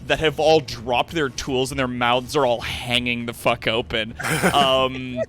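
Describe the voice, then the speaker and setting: A man's voice: medium pitch, level tone, measured pace, a bit bright. A young man narrating a tabletop game as game master, casual, full of fillers and swearing.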